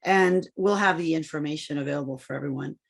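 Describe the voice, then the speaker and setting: A woman podcast host introducing her guest in an earnest, measured way over a video call. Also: deep voice, creaky. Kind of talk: conversational interview.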